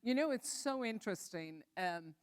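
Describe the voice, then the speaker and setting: A woman on a panel discussion, speaking in a careful, measured way with some fillers. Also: medium pitch, animated, smooth, dry recording, studio quality.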